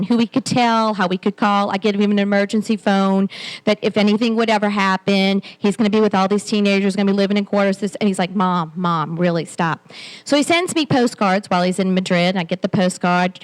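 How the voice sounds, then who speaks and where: In a conference hall, a woman in her forties with a medium-pitched voice gives a candid, self-deprecating keynote talk, restarting many times. The audio quality is poor.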